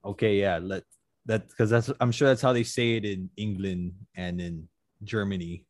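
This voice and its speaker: A man's voice: on the low side, fairly even intonation, normal speed, no echo, clean studio sound. A man hosting a casual sports chat, laid-back and slangy, often restarting his sentences. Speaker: podcast host.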